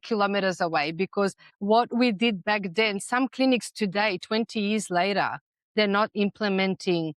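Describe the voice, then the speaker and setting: A woman's voice: mid-range voice, no echo. Emphatic woman, persuasive podcast guest. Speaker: guest, dental practice management consultant. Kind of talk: conversational interview.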